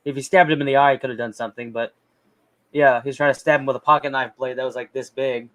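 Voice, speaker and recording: A man's voice: medium pitch, steady tone, quick pace, fairly bright tone. A man hosting a podcast in a rambling casual chat, joking around with lots of ums and restarts. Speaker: podcast host.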